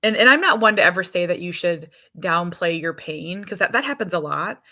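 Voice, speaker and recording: A woman's voice: lowish voice, expressive, fairly quick, sharp tone. A woman hosting a podcast as a mother, chatting casually in a rambling way that is full of restarts. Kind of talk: casual chat.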